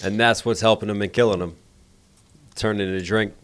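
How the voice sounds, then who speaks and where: A man's voice: on the low side, fairly even intonation, normal speed, fairly bright tone. A man hosting a music reaction video, quoting lyrics back and breaking down the rhymes and delivery with enthusiasm. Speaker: reaction video host and rapper.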